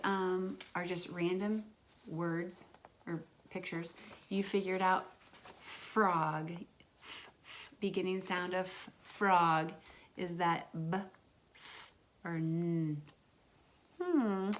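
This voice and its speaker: A woman's voice: on the low side, takes it slowly, long pauses, slight background noise. A woman teaching a remote lesson to young children as their kindergarten teacher, drawing out words in a sing-song way.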